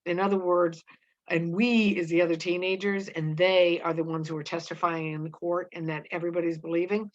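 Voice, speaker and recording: A woman's voice: lowish voice, little pitch movement, a little fast. A woman reading scenes from a play aloud for a lesson, explaining as she goes, with fillers and self-corrections. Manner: reads lines with frequent fillers and self-corrections. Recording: dull lo-fi recording.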